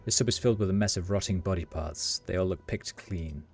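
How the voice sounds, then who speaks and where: A man's voice: sits low, a little fast, soft background music. A man streaming a role-playing game, reading its text aloud and reacting in a wry, casual way. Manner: wry, reads descriptions then reacts with casual swearing.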